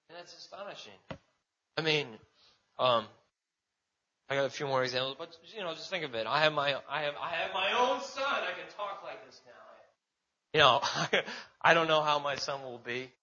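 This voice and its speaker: A man's voice: fairly high pitch, expressive, normal speed, long pauses, sharp tone, muffled recording. A man preaching in a loose, conversational way, restarting his sentences and often adding fillers. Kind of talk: casual sermon.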